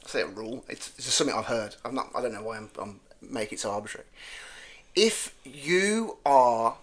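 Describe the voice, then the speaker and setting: A man with a strong Brummie accent chats as a podcast guest comedian. His talk is rambling and jokey, full of restarts and self-corrections as he works through an idea. His pitch sits in an ordinary middle range for a man. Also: animated, a little fast. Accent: Birmingham (Brummie). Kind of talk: casual podcast chat.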